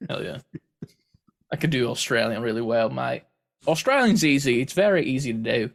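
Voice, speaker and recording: A man with a medium-pitched, gravelly voice speaks animatedly at normal speed. Co-hosting a gaming podcast, he chats casually, rambling through jokey stories as a joking storyteller.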